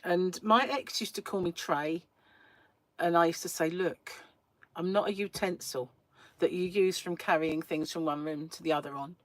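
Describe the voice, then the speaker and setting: A woman's voice: on the low side, normal speed, no echo. A woman hosting a crochet livestream, chatting casually and rambling to her viewers, laughing often, from a small room at home. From England. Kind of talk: casual chat with live viewers.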